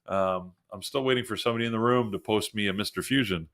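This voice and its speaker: A man's voice: on the low side, fast, a bit bright. A man hosting a live trading show, chatting casually through pre-market stock picks while reading news on the fly.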